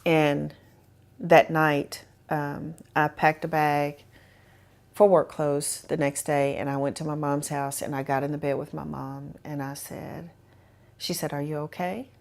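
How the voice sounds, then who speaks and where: Woman, low voice, gravelly texture, personal testimony, measured and reflective, many fillers. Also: little pitch movement. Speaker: survivor telling her story.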